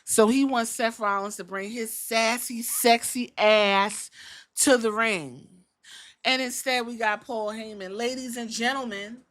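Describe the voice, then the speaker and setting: A woman with a fairly high voice hosts a podcast and recaps wrestling in loose, joking chat. She swears freely and acts out the lines of the people she talks about. Her tone is bright and forward. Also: unhurried. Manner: animated storytelling, acting out quotes, profane and joking. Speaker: podcast host.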